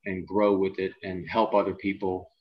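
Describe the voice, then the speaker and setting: Low-voiced middle-aged male podcast host. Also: flat delivery. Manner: halting, with frequent "uh" and repeated words. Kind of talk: casual podcast chat. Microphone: video call. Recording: dull lo-fi video call audio.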